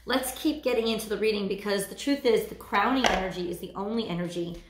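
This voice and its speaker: A woman doing a weekly tarot card reading, talking in a halting way and searching for her words. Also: mid-range voice, echoey room, background noise. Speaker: tarot reader.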